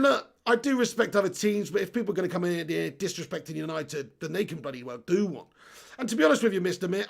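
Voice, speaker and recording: A man hosting a football fan live stream, reading viewer comments aloud and ranting in an animated way with frequent laughs. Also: high voice, gravelly. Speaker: host of a football fan channel.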